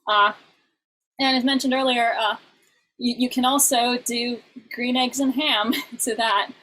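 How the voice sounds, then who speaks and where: A woman teaching an online class with a somewhat high voice. She explains in halting bursts, full of restarts. A faint hum of background noise sits under her. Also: level tone, fairly bright tone, rough recording. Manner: explains in halting bursts, breaks into short sung examples.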